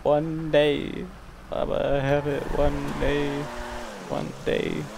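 A man's voice: on the high side, completely flat delivery, very slow, creaky, background noise. A young man casually live-streaming a game, joking with chat and bantering playfully with in-game characters.

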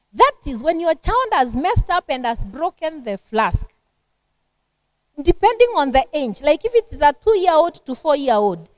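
A middle-aged Kenyan woman leads a church parenting seminar in a high, bright-sitting voice. She teaches in a lively, conversational way, acting out little household scenes. The sound is dry, with almost no room around her. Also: dry recording. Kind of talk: seminar talk to a church women's group.

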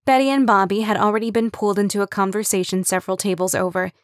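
A woman narrating an audiobook with even, wry storytelling on a close studio mic. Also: mid-range voice, quick pace, no echo. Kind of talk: scripted narration.

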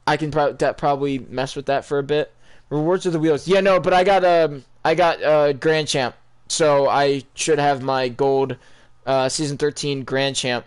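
A young man talks loosely over his gameplay, rambling from one thought to the next and turning to his viewers with questions. His voice is smooth and clear and sits a little high for a man. It sounds like relaxed, unscripted chat. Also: moderate pace. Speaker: gaming YouTuber. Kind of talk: casual gameplay commentary.

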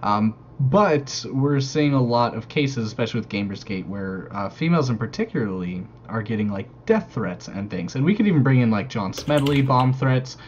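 A man's voice: medium pitch, animated, moderate pace, few pauses. A man hosts a casual podcast, upbeat and a little hesitant as he sets up topics. His sound is dull and lo-fi, with a faint hiss behind it. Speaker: podcast host.

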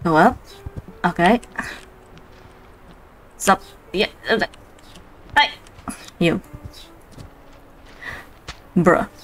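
A woman's voice: fairly low pitch, lively intonation, extremely slow, long pauses, fairly bright tone, rough recording. A woman streaming a co-op game, giggling and exclaiming often in casual chat. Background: faint lofi music.

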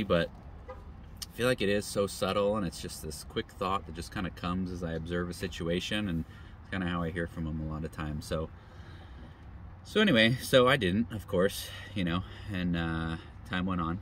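A middle-aged man, a travel vlogger, casually telling a faith story in an animated, rambling way with many fillers. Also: low-pitched, normal speed, a little hiss or hum.

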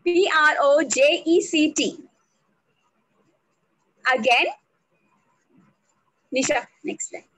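A woman teaching on a video call, slow and deliberate, spelling out words letter by letter. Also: sits high, fairly bright tone, no echo, low-quality recording. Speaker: English language trainer. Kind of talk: online speaking workshop.

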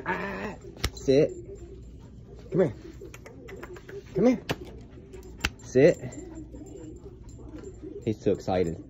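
Casual man talking to his puppy, lively pitch, slow, lo-fi phone audio with store noise. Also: vocal fry. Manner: coaxing dog-directed talk, repeated commands. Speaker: vlogger training his puppy. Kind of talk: casual vlog. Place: inside a discount store.

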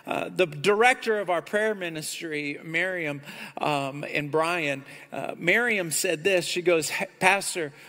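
A man preaching a sermon as pastor of a church, animated and climbing loud on his key points. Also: sits high, long reverb tail. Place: church sanctuary.

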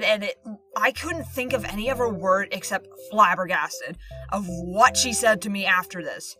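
A woman with a boyish-sounding voice telling a personal story in a casual vlog, animated and incredulous, her voice jumping up high in disbelief.

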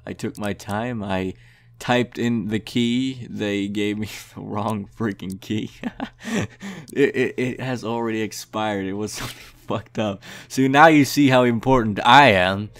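A man's voice: on the low side, a little slow. A young man giving comedic, mock-arrogant gameplay commentary, brash and swearing often. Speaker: gaming youtuber.

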